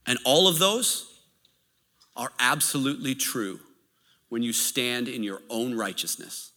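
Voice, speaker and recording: A man preaching a sermon in an animated, storytelling way, with occasional laughs. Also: medium pitch, measured pace. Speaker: pastor. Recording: reverberant hall.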